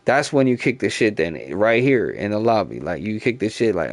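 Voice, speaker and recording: A man's voice: lowish voice, big pitch swings, moderate pace, dry recording. A man in his thirties, a gaming streamer, ranting casually in profane, slangy talk full of repeated fillers, into a headset mic. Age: 30s. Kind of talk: casual rambling rant.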